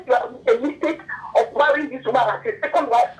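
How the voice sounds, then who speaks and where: A high-voiced woman from the UK calls in, tearful and lecturing in a churchy, scolding tone. Her voice is high and sounds far from the phone. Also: fast talker, a little mellow. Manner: preachy, scolding, religious. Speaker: caller. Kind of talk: emotional phone-in call.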